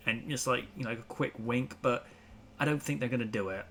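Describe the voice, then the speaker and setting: A man's voice: medium pitch, steady tone, fairly bright tone. Guy hosting a chill podcast panel, jokey, faint hiss behind. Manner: quick, jokey, tosses questions to panel. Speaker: show host. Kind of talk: casual panel chat.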